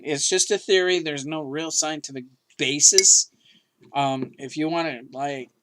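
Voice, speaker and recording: A man's voice: on the high side, fairly bright tone. A man co-hosting a podcast, talking in an emphatic, rambling way with many restarts. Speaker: podcast co-host. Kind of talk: casual chat.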